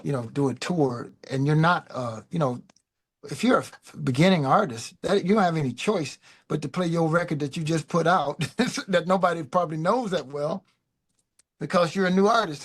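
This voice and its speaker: Middle-aged guy on a podcast, kinda high voice, rambly animated storytelling with lots of "man". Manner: animated, loose, peppered with "man" and "you know". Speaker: guest musician. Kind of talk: casual storytelling.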